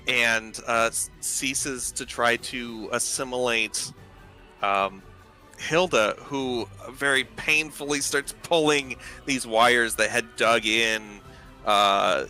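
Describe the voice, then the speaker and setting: A man runs a tabletop game, describing the action in a loose, rambling flow packed with fillers. His voice is strikingly bright and forceful, with faint music playing underneath. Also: on the low side. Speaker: game master.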